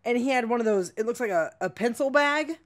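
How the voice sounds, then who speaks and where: A woman's voice: a little high, expressive, fairly quick. A woman stand-up comedian telling a story as a podcast guest, in a blunt, profane way. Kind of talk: casual storytelling.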